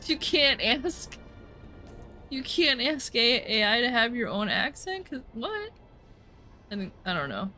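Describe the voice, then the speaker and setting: A woman's voice: fairly high pitch, big pitch swings, a little slow, sharp tone, soft background music. A woman chatting casually and profanely while streaming a game, full of rambling asides. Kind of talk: casual gameplay commentary.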